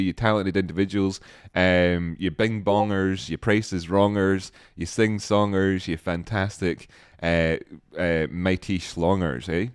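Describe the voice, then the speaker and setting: A man hosting a livestream, chatting casually and reading out viewer comments with jokes and sudden excited exclamations. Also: medium pitch, no echo, clean studio sound. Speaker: livestream host.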